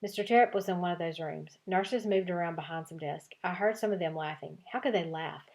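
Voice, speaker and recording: A woman teacher giving an expressive read-aloud of a children's novel for her class, voicing several child narrators. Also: fairly low pitch, fairly quick, creaky.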